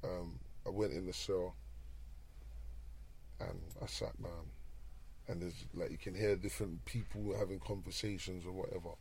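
A young man, a guest telling a story in casual street slang, animated and quick to shift gears. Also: low-pitched, a little hiss or hum.

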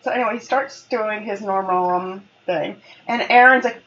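A woman co-hosting a casual chat podcast, retelling a show in an expressive, playful way and swearing freely. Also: medium pitch, a little fast, hardly any pauses, distant mic, muffled recording. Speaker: podcast co-host. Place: at home on a couch.

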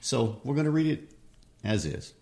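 A man's voice: medium pitch, big pitch swings, normal speed, gravelly, warm tone. A man co-hosting a casual chat, chiming in conversationally with his own comments. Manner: interjecting, conversational. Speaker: co-host.

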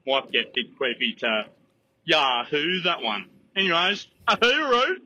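Blunt, bright-voiced Australian caller. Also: male voice, a little high, sing-song, measured pace, rough recording. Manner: blunt, rambling. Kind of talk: recorded voice message.

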